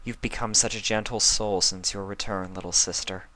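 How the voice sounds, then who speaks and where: A man's voice: lowish voice, fairly even intonation, normal speed, pushed and bright. A man voicing a kind, regal elder pony princess with a fond, questioning way of talking.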